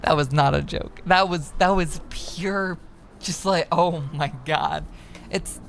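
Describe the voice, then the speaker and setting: A woman's voice: fairly low pitch, slow, a little hiss or hum. A young woman streaming a game, reading its text aloud and joking about it in a sardonic way, sometimes slipping into mock announcer voices.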